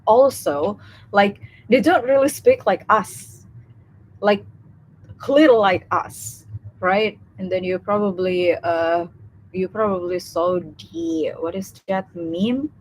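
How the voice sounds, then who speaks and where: Young woman, Indonesian accent, unhurried delivery, halting with lots of fillers, faint background hiss. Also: medium pitch, rough recording. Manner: hesitant, many fillers and restarts. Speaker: student speaker on a live session. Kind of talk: casual live talk.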